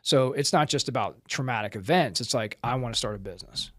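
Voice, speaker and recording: A man's voice: medium pitch, fast, fairly bright tone, dry recording, clean studio sound. Blunt, intense middle-aged American man. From United States. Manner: intense, blunt and profane, acting out dialogue as he tells stories. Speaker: podcast guest, former Marine and firearms trainer. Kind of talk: casual interview talk.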